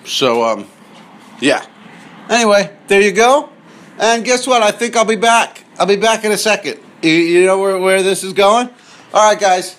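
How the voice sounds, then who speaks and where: A man's voice: high-pitched, a bit bright. Chatty man rambling from his car. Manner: chatty, digressive, self-interrupting. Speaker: podcast host. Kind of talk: casual rambling monologue.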